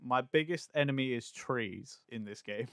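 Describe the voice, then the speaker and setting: A man co-hosting a podcast in casual chat, who explains things at length with drawn-out phrasing. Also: mid-range voice, a bit bright, no room sound, clean studio sound. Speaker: podcast co-host.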